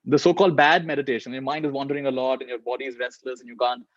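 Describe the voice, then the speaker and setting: A man's voice: medium pitch, steady tone, very fast, no echo. A man giving a spiritual reflection talk, telling stories and repeating key phrases for emphasis. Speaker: spiritual teacher. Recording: dull lo-fi, dry sound.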